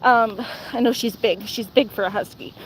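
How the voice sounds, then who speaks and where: A woman's voice: on the high side, fairly even intonation, normal speed, slight background noise. Young woman streamer, casual rambly chat, faint outdoor ambience behind her. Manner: rambling, lots of "like" and "um", answers viewer comments.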